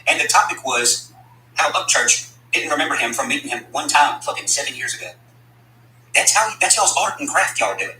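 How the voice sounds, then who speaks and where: A man's voice: mid-range voice, animated, brisk, pushed and bright, roomy sound, slight background noise, rough recording. A man delivering a blunt, profane, combative rant at his critics, speaking as a country rapper. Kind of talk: angry profane rant to camera.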